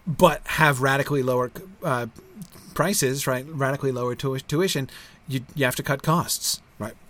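A middle-aged man with a medium-pitched voice chats casually with viewers on a livestream as a school founder. He halts often, using lots of fillers and restarts, and tends to close his points with a tag question.

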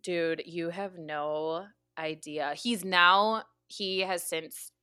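Bright, clear young woman telling a story in an animated, chatty way, with plenty of fillers and quick laughs. She is recorded up close on a dry mic, with no room sound at all. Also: fairly low pitch, no echo. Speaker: podcast co-host. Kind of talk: casual chat.

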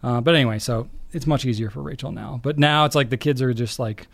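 This medium-pitched man co-hosts a podcast in casual chat, sounding wry, teasing and quick to laugh, with some vocal fry. When quoting himself he slips into an exasperated dad voice, and the recording is dry.

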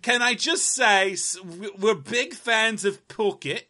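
A man's voice: high voice, slow, bright, forceful tone, slight background noise, pitched above the performer's own voice, heavily acted. A man voicing a teasing, petty male rock-star ghost with a put-on English accent. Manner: jokey, teasing.

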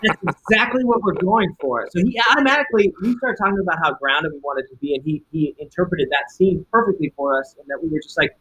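Male director, rapid and bright, playing out the dialogue as he tells it. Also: a little high, slightly rough, poor audio. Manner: animated, acts out quoted dialogue. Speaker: film director. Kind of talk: casual interview storytelling.

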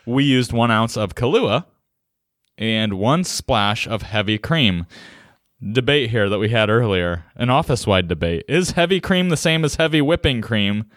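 A man's voice: medium pitch, animated, moderate pace, a bit bright, no room sound, clean studio sound. A man co-hosting a podcast, chatting casually and joking with frequent laughs. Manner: jokey, laughs easily. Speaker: podcast co-host. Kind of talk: casual chat.

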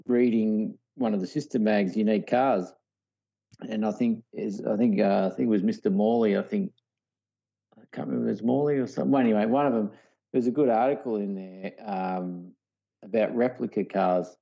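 A man's voice: on the low side, fairly quick, gravelly, mellow, lo-fi sound. A man with an Australian accent co-hosting a casual car podcast, rambling with lots of "you know". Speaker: co-host.

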